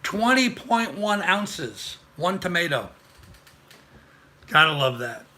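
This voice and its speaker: Older guy rambling on his live stream, real bright tone, chatty with viewers. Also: high voice, big pitch swings, takes it slowly. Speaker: livestream host. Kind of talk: casual live-stream chat.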